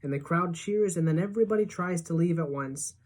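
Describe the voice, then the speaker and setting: A woman teacher reading a novel aloud to her class in a lively storytelling manner. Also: on the low side, fairly quick.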